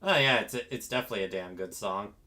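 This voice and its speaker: A man's voice: on the low side, fast talker, sharp tone. A man chatting casually on a streamed group call, joking flirtatiously and breaking into laughter.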